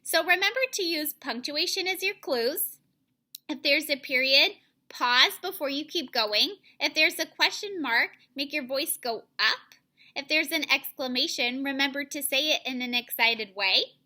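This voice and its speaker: A young woman teacher giving an online reading lesson to children, modeling phrasing clearly and deliberately. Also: high-pitched, pushed and bright.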